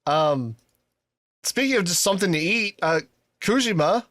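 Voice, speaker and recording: A man's voice: high-pitched, expressive, moderate pace, a bit bright, no room sound, studio quality. A man co-hosting a podcast in casual chat, rambling and swearing, often trailing off with a laugh. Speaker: podcast co-host.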